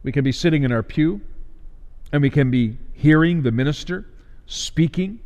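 A man delivering a sermon as a preacher, measured, with emphatic rises and slowed stresses. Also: fairly high pitch, expressive, a little mellow, in a large hall.

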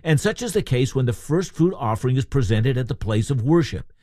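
A man's voice: medium pitch, expressive, brisk, darkish tone, dry recording, clean studio sound. A man preaching a sermon in a conversational way, asking his listeners questions.

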